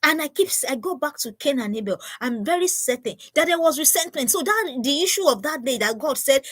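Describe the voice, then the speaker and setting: A woman's voice: high voice, expressive, a little fast, few pauses, fairly bright tone, husky, no room sound. A woman giving an earnest, preachy live talk to parents, often repeating herself. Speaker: parenting speaker.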